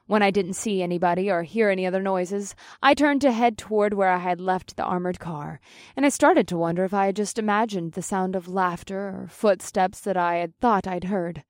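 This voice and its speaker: A woman narrates a first-person audiobook in a plain-spoken way, dropping casual curses. Her voice sits at a middle pitch. The recording is close and dry. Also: moderate pace, dry recording.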